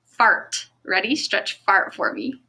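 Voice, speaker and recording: Woman, phonics teacher, slow careful delivery, bright voice, sounds out each word. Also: medium pitch, big pitch swings. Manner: slow, clear, encouraging classroom delivery; stretches and sounds out words. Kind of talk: recorded phonics lesson for children.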